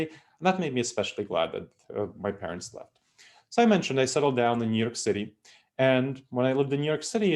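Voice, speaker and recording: A man's voice: medium pitch, a little mellow. Man with a Russian accent lecturing. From Moldova. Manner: repetitive, emphatic explanatory delivery. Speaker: speaker, trainer. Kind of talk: presentation to business leaders.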